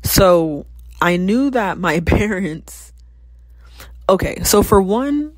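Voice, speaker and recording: A podcaster in their twenties talks through a personal story in a candid, reflective way, with sudden bursts of exclamation. The voice sits at a middle pitch and sounds close and dry, with no room echo. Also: lively intonation, slow. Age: 20s. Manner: reflective, reenacts past conversations with sudden exclamations. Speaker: podcast host.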